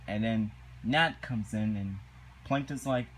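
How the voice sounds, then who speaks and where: A man giving a casual, indignant review of a cartoon episode, halting and repeating himself as he recaps. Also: fairly low pitch, fairly bright tone, breathy edge, rough recording.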